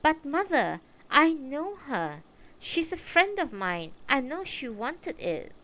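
A woman's voice: high-pitched, very animated, slow pace, bright, forceful tone, pitched above the performer's own voice, heavily acted. A woman reading aloud, voicing a blunt young woman who answers her mother offhandedly.

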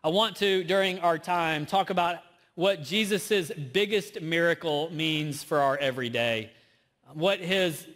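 Southern man, pastor, folksy sermon, slightly high voice, long church-hall reverb. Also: fairly bright tone. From American South. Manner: conversational, folksy, self-deprecating. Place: church auditorium.

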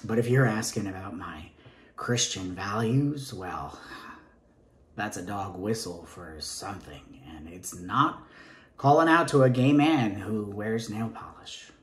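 This comic stage monologue features an actor as a jittery gay man in an interview for a teaching position, stammering, rambling in a Southern drawl, and sometimes whispering. His voice sits lowish, with lively intonation and a measured pace, echoing off the room.

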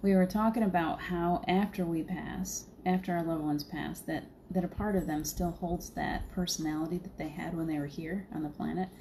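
A woman's voice: on the low side, steady tone, normal speed, few pauses, mellow, a little hiss or hum. A woman hosting a casual livestream as a spiritual medium, chatting in a rambling way and laughing often.

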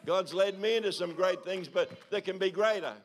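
Older male pastor, slightly high voice, preaching with repeated calls and tag questions. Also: normal speed. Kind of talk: sermon. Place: church service.

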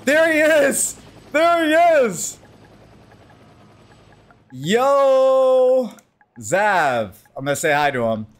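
An American man on a live stream, chatting casually and excitedly with his viewers and greeting them by name while he races. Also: fairly high pitch. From United States. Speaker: gaming livestreamer.

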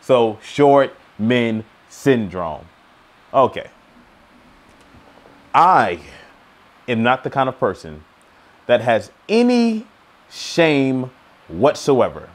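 A young man giving a motivational monologue to camera, emphatic and slangy, swinging between loud challenges and low asides. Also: big pitch swings, very slow, pauses often. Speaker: motivational video host.

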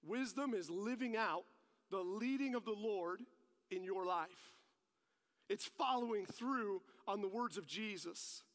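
During a church service, a male pastor preaches animatedly, weaving teaching together with personal stories and building his points with rising emphasis. His high voice is unhurried and a bit bright, carried by the long reverb of a large hall.

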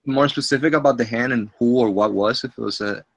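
A man's voice: mid-range voice, a little fast, gravelly, dry recording. A man taking part in a session, asking a question and repeatedly thanking the speaker. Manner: grateful, repeats his thanks. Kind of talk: casual conversation.

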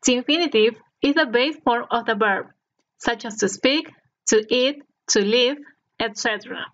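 Woman teaching slowly and clearly, lo-fi sound. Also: fairly high pitch, fairly bright tone. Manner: slow, clear enunciation for learners to repeat. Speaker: Spanish teacher. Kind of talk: scripted language lesson narration. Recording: dull lo-fi recording.

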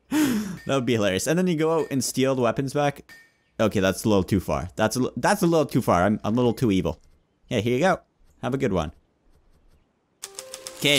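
A young man giving playful let's play commentary, chatting with game customers like a shopkeeper. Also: mid-range voice. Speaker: gaming YouTuber.

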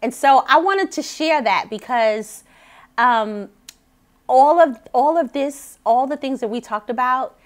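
A woman vocal coach talking chattily in a casual vlog, animated and often laughing. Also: high-pitched, unhurried.

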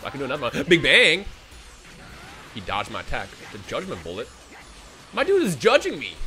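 A young man giving casual, joking commentary on a game he is playing, with sudden loud outbursts and slang. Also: medium pitch, wildly swooping pitch, a little fast. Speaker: gaming video creator. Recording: voice over game music.

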